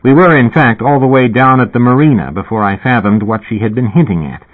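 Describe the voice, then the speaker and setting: A man reading a first-person novel aloud in a measured, dry storytelling manner. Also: mid-range voice. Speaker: audiobook reader. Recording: tinny phone-like audio.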